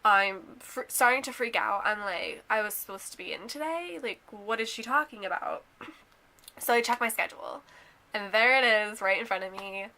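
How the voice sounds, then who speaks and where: A woman's voice: mid-range voice, normal speed, sharp tone. A young woman telling a casual storytime vlog, chatty and full of "like" and "um", sounding a little under the weather. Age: young adult. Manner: chatty, many "like"s and "um"s, drops to a whisper at times. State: sick and nauseous. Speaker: vlogger.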